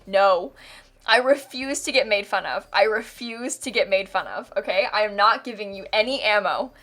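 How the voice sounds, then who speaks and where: A woman's voice: mid-range voice, normal speed, fairly bright tone. A young American woman chatting casually on a live stream, rambling with lots of "like" and frequent laughter. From United States. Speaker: game streamer. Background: faint background music.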